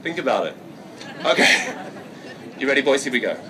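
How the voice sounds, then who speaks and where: Teasing and swearing for laughs, an English street performer keeps up loud, cheeky patter for a crowd in an outdoor city square. His mid-range voice is sing-song, at a moderate pace. Recorded from far away, he is distant against the heavy crowd noise and street ambience.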